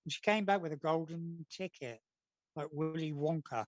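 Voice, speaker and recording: A man's voice: on the high side, normal speed, no echo, highs cut off. A man, a comic artist being interviewed, telling long rambling anecdotes in a casual chat. He slips into the voices of the people in his stories. The sound is dry, with no room around it. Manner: chatty, rambling storyteller acting out quotes.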